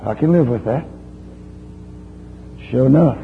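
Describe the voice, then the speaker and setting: A man preaching a sermon, telling a story in a lively, folksy way and chiding his listeners. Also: mid-range voice, measured pace, gravelly. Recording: dull lo-fi recording with faint hum.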